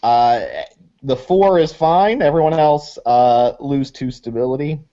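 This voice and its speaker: A man's voice: mid-range voice, a little slow, warm tone. A man narrating a tabletop horror game as game master, loose and casual with lots of swearing and fillers. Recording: dull lo-fi audio.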